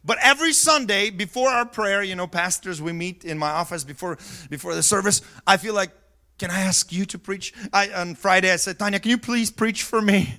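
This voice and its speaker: Bright-voiced preacher man, yelling in bursts. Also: fairly quick. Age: middle-aged or older. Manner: swings from soft and low to yelling at high pitch. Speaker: pastor. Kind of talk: sermon.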